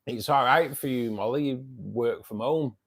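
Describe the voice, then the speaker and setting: A man's voice: mid-range voice, moderate pace, vocal fry, fairly bright tone. A man with a Manchester accent hosting a casual live stream, chatting with viewers and calling them mate. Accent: Northern English, Manchester. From England. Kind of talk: casual live chat reading viewer comments.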